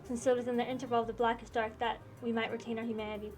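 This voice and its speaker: A woman reading the lines of a solemn, gentle older queen, with stately and formal speech. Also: fairly high pitch, level tone, very fast, soft background music, close to an everyday voice. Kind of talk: reading game dialogue aloud.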